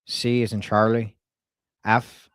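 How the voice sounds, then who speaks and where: A man voicing a polite, folksy Irish male wealth manager on a prank call, speaking in a calm, courteous, unhurried way with an Irish accent. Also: fairly low pitch, smooth, no room sound, studio quality.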